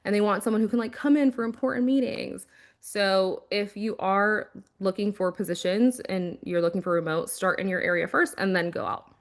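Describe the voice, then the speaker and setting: A woman who was once a recruiter, giving casual career advice in a conversational, animated way, often acting out quotes. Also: medium pitch. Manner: conversational, animated, quick asides and acted-out quotes. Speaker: former recruiter and career coach.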